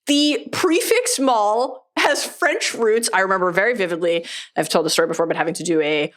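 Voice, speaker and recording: A woman's voice: mid-range voice, expressive, normal speed. A woman co-hosting a podcast in casual chat, rambling and self-deprecating, laughing often. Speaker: podcast co-host.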